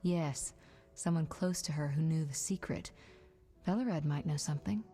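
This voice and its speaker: A poised sorceress played by an actress speaks dryly and ironically in a mellow, slightly low voice. Soft game music runs beneath her lines. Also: normal speed, lightly acted. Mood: ironic. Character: cool, ironic female sorceress, aloof. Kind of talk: video game dialogue.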